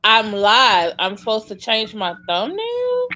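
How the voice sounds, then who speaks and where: A woman's voice: on the high side, wildly swooping pitch, slow pace, pushed and bright, a little hiss or hum. Chatty woman running the stream. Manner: chatty, handles the stream, hesitant fillers. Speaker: co-host. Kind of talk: casual livestream chat. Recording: dull lo-fi stream audio.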